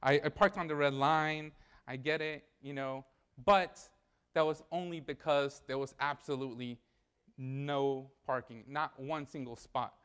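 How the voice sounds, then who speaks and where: A man's voice: fairly high pitch, fairly even intonation, measured pace, a bit bright, clear, resonant tone. A young man preaching a sermon in a church, telling a personal story in a conversational way and acting out the dialogue.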